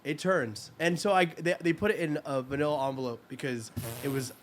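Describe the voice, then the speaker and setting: A man's voice: on the high side, a little hiss or hum. A young man co-hosting a podcast, telling a story in casual chat and acting out the other people's lines. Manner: fast, animated storyteller acting out quotes. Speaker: podcast co-host.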